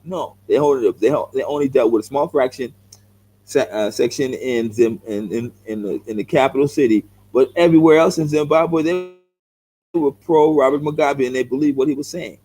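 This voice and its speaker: A warm-toned, mid-range male voice at a moderate pace comes through a rough recording. The speaker is a middle-aged vlogger from South Central Los Angeles with an LA accent, ranting at the camera in blunt, confrontational reply to viewer comments while repeating himself and calling people "bro."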